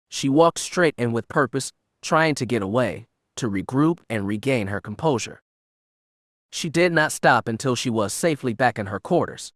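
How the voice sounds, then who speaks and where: Recorded dry in a clean studio, a man reads an audiobook in a measured, even storytelling style, his voice sitting in the mid range.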